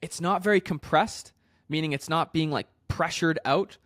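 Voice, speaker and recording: A man's voice: fairly high pitch, normal speed, fairly bright tone, no echo, clean studio sound. A man working as a vocal coach, explaining singing technique in a casual way, with loose fillers and restarts. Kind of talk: singing lesson with sung demonstrations.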